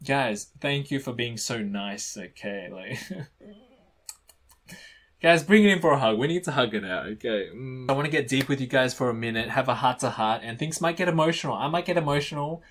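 A man's voice: medium pitch, lively intonation, normal speed, a bit bright. A young man hosting a reaction channel, chatting casually to camera and teasing his viewers in a mock-dramatic way. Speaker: YouTube reaction channel host.

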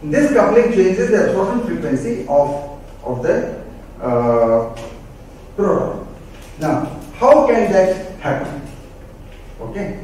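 A man giving a classroom lecture, explaining step by step with pauses and self-corrections. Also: high-pitched, very animated, warm tone. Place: lecture room. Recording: very echoey room, mic far off, faint noise.

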